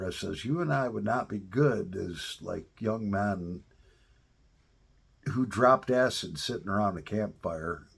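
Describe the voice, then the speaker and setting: A man speaks in an unhurried, drawn-out way, letting his stories wander. His voice sits fairly low and is deeply husky and rough-edged. He sounds like someone chatting casually to his viewers about his day. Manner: relaxed, rambling storytelling with drawn-out pauses. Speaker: pipe-smoking vlogger. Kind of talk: casual chat to camera.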